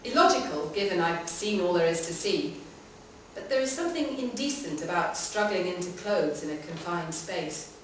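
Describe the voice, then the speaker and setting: A woman giving a live, measured reading of a short story in a public library room. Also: on the low side, a little hiss or hum. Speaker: reader. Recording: echoey hall from far off.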